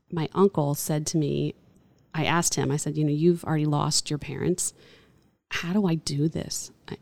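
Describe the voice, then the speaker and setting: A middle-aged woman chaplain with a low, slightly gravelly voice talks in an interview. Her tone is earnest and gentle, like someone giving counsel. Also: no echo. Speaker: hospital chaplain and pastor. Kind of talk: conversational interview.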